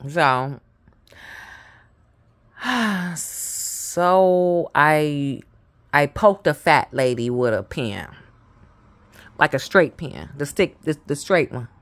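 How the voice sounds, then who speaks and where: A woman telling a personal story in a halting, casual way, repeating herself and dropping into mutters. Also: low-pitched, expressive.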